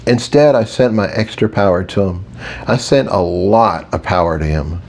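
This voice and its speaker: A man narrating a fantasy audiobook in the first person, with expressive, playful storytelling. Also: sits low, normal speed.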